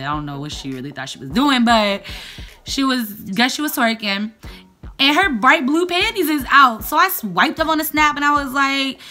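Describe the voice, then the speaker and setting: A young woman telling a lively storytime vlog, calling out to her viewers as y'all. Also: mid-range voice. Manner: animated, addresses viewers as y'all. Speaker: vlogger.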